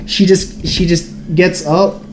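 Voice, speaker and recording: Mellow-voiced man telling a rambling story. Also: sits high, fairly even intonation, takes it slowly, a little hiss or hum. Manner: profane, rambling storyteller full of fillers. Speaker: podcast co-host. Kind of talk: casual storytelling chat.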